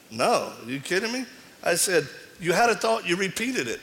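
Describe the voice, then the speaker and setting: Middle-aged guy preaching to a crowd, kinda high bright voice, acts out all the dialogue, big echoey hall. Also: moderate pace, a little hiss or hum. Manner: animated storytelling, acts out dialogue. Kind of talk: sermon. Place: large hall before an audience. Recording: reverberant hall.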